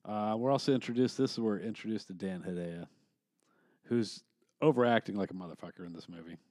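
A man's voice: on the low side, fast talker, warm tone, no echo, clean studio sound. A man co-hosting a casual movie review podcast, rambling and swearing freely, laughing as he talks. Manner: rambling, profane, laughs often. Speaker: podcast co-host.

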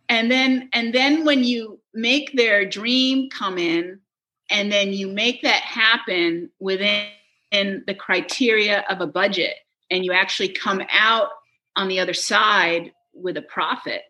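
A middle-aged woman chatting in an interview, telling animated stories, laughing often and quoting people. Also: medium pitch, a little slow. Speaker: guest, touring production manager. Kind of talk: casual interview chat.

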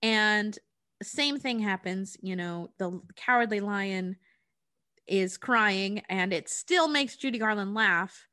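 A woman's voice: medium pitch, slow, bright, forceful tone. A woman co-hosting a casual chat, telling a story with frequent "like"s and casual swearing. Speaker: podcast co-host.

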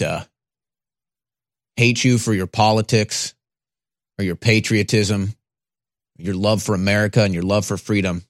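Middle-aged male radio host, low and dry, earnest commentary. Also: no room sound.

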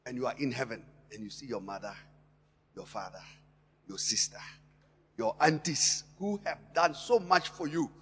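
A husky-voiced male preacher with a high, lively pitch that climbs and dips all over. He delivers an impassioned sermon, repeating phrases for emphasis and swinging from hushed to loud. His voice rings with long reverb in a church hall. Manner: impassioned preaching with sharp rises and drops in loudness. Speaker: pastor.

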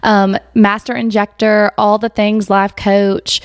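A woman hosting a casual podcast interview on a phone mic, chatty and quick to laugh, her voice a little worn from a recent illness. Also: medium pitch, little pitch movement, clean tone, no echo, studio quality. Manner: chatty, laughs often, says y'all. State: recovering voice after illness. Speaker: podcast host. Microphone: iPhone.

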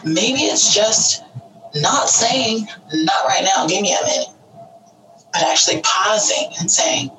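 A woman's voice: mid-range voice, animated, slow pace, distant mic, background noise. A woman talking earnestly and with feeling about parenting teenagers, acting out little quoted voices as she goes. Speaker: parent sharing advice. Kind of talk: casual heartfelt talk.

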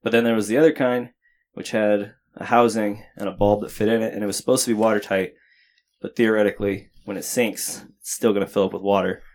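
A man's voice: on the low side, level tone, fairly quick, darkish tone. A man co-hosting a podcast, explaining things in casual chat and thinking aloud as he goes. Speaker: podcast co-host.

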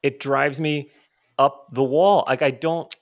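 A man's voice: mid-range voice, steady tone, slow. A man co-hosting a casual chat, tossing in sarcastic quips and grumbling with profanity. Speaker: podcast co-host.

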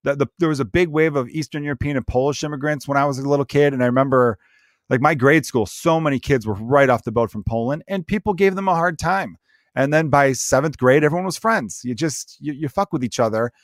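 Guy, podcast host, rambling and profane, mid-pitched, very dry close sound. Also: quick pace, no room sound. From Chicago's South Side, USA. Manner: rambling, profane, acts out quotes in voices. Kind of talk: casual comedic chat.

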